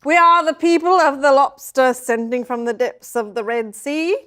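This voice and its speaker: A woman voicing an odd, pious female noble envoy in improvised tabletop role-play, making slow, solemn pronouncements. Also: sits high, a bit bright.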